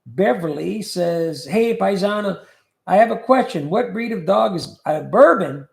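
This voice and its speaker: A man's voice: sits high, lively intonation, measured pace, creaky. A man hosting a livestream, casually chatting and joking as he reads viewer comments aloud. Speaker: livestream host. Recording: echoey room.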